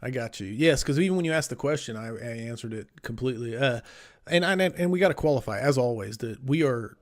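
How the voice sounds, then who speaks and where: A man's voice: medium pitch, lively intonation, brisk. Rambling man explaining at length. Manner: rambling explanations, many fillers. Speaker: podcast co-host. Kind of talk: casual gaming chat.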